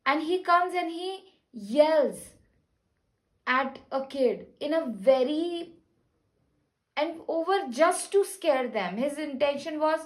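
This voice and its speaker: A woman talking casually to camera in an earnest, rambling, gentle way, with many restarts. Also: high-pitched, lively intonation, takes it slowly, pauses often, low-quality recording. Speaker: spiritual vlogger. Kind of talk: casual personal talk to camera.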